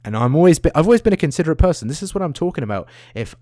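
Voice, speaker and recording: A man's voice: a little high, big pitch swings, racing, warm tone, dry recording, clean studio sound. A young man, ranting into the camera, swearing often and trailing off into tangents. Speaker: vlogger. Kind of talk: profane rambling rant.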